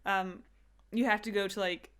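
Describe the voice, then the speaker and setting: A woman co-hosting a podcast from her apartment, chatting casually, full of fillers and quick laughs. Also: medium pitch, fairly even intonation, fairly bright tone, smooth. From United States. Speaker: podcast co-host. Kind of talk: casual chat.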